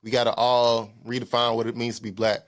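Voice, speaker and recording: A young man in casual podcast talk, words tumbling out at a quick clip. He is animated and restarts phrases as he thinks aloud. His pitch sits in an ordinary middle range. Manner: animated, repeats words while gathering thoughts. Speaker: podcast co-host.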